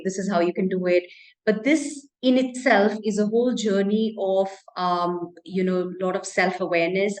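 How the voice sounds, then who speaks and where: A woman hosts an interview and sums up what her guest has said. She speaks reflectively and appreciatively, pausing often with "um" and "you know". Her voice sits at a middle pitch in an echoey room. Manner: reflective, appreciative, many fillers. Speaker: host, happiness coach. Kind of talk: interview host summarizing.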